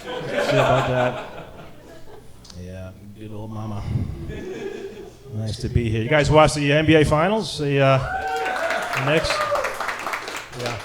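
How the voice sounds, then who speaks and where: Man, middle-aged, stand-up comic, punchy wisecracking delivery, live club recording, loud audience. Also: medium pitch, fairly even intonation, slow pace, long pauses, a crowd in the background. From Boston area. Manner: punchy, wisecracking delivery with lots of "you know". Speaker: stand-up comedian. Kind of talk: stand-up set. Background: audience laughter.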